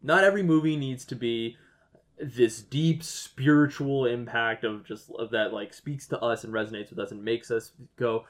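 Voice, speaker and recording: A man's voice: medium pitch, normal speed. A man in his thirties co-hosting a podcast, ranting about a movie in casual, profane chat full of "like". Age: 30s. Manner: ranting, profane, heavy use of "like". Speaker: podcast co-host.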